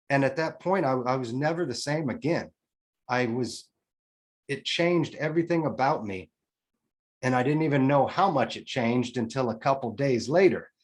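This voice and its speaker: A man in his forties, a podcast guest telling a personal story in a candid, emotional way, with casual swearing and restarts. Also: mid-range voice. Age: 40s.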